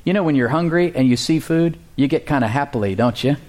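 Preaching to his congregation, this pastor has a voice on the high side and a little mellow. He prompts the audience to respond and reads scripture in a slow, deliberate way.

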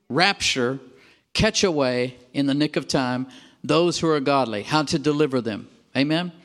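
A man preaching a sermon, animated and emphatic, calling out for amens and dropping at times to a quiet, drawn-out delivery. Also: fairly high pitch. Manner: animated, calls for amens from the congregation.

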